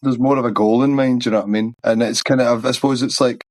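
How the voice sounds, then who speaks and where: A man's voice: medium pitch, steady tone, fast, dry recording. A man with a thick Glaswegian accent answering interview questions in a rambling, frank way, swearing casually. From Scotland. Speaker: band's singer.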